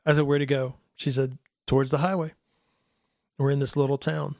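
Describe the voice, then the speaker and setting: A middle-aged man telling a personal faith story in a casual talk, animated and acting out the voices of the people in it. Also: fairly quick, gravelly, dry recording, clean studio sound. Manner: animated, acts out quoted voices in a higher pitch. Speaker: guest telling his testimony.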